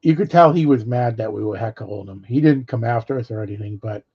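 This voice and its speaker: A man's voice: medium pitch, fairly quick, slightly rough. A middle-aged man casually rambling through old stories, swearing freely and laughing between them. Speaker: vlogger. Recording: dull lo-fi audio.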